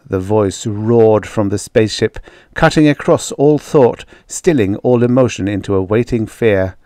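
A man's voice: lowish voice, warm tone, no echo, clean studio sound. A man narrating a vintage science fiction story as an audiobook reader. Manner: slow, measured reading. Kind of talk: scripted narration.

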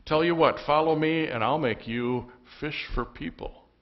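A man doing a calm commanding teacher. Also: medium pitch, slow pace, dull audio. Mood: inviting. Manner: calling out, inviting.

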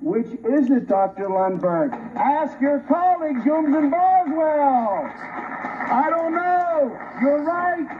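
A forensic pathologist on a review panel, a man with an extremely high-pitched, expressive voice, speaks at a slow pace. His heated public debate speech to a colleague is combative, sarcastic and emphatic. The audio is a muffled lo-fi archive recording with faint hiss.

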